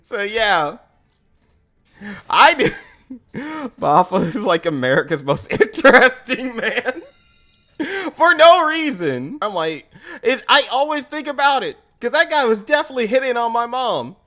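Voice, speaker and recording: Animated young man telling a story. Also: very high voice, a little slow. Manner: animated, laughs often, acts out voices. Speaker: streamer. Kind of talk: casual storytelling on a stream.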